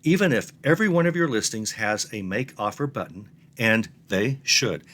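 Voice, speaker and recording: A middle-aged man who teaches online reselling talks to the camera, walking through the process step by step in a plain, earnest way. His lowish voice is very animated and a bit bright, at a normal speed.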